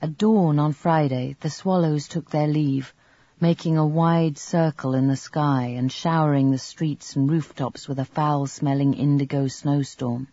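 A man reading a novel aloud in measured, even scripted narration. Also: a little high, no echo. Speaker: audiobook narrator. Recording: dull lo-fi recording.

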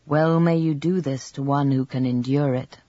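A man's voice: on the high side, steady tone, normal speed, dark tone, no echo, highs cut off, close to an everyday voice. A man voicing a priest who speaks commandingly, lightly raising his voice. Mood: tender.

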